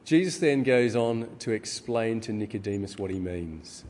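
Middle-aged guy giving a sermon, lowish voice, long hall reverb. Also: lively intonation, darkish tone. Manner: measured teaching tone with filler ums. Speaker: preacher. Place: church hall. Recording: reverberant hall with faint ambience.

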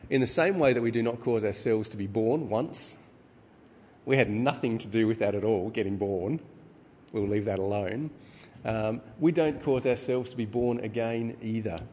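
A middle-aged man preaching a sermon, teaching in a measured way with frequent ums. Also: mid-range voice, darkish tone, a little hiss or hum. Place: church hall. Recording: reverberant hall with faint ambience.

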